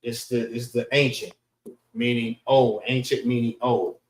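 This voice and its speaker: A man's voice: mid-range voice, level tone, a little slow, echoey room, poor audio. A man teaching a class over an online call, talking loosely and checking in with his listeners again and again. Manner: repeats "all right" as a check-in, loose and conversational. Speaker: class instructor. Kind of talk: casual spoken lecture.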